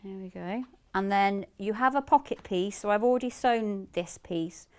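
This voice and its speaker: A woman's voice: mid-range voice, moderate pace, background noise. A woman demonstrating sewing live in a TV studio, explaining each step in a chatty way and laughing easily. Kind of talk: live shopping-TV sewing demo.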